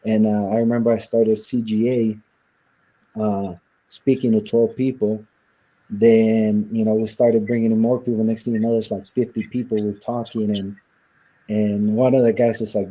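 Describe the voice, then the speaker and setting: Man, interview guest, husky, low-pitched, dark mellow tone, earnest storyteller. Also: level tone, normal speed, poor audio. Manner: earnest, reflective, acts out quoted voices. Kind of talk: conversational storytelling.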